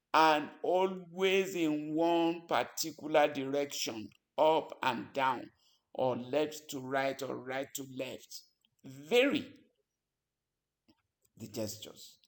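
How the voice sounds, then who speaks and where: In a lecture on public speaking, a man with a slightly high voice talks deliberately. He pauses often, delivering his ideas in short phrases.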